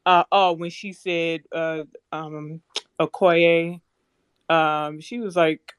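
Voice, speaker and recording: A woman's voice: sits low, steady tone, takes it slowly, clean tone, no room sound, clean studio sound. A woman in a casual chat, reserved and hesitant.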